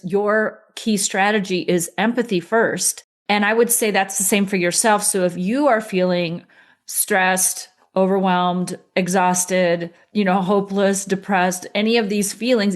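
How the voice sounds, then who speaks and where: A woman hosting an interview podcast, affirming and summarizing her guest's points. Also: mid-range voice. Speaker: podcast host, principal coach.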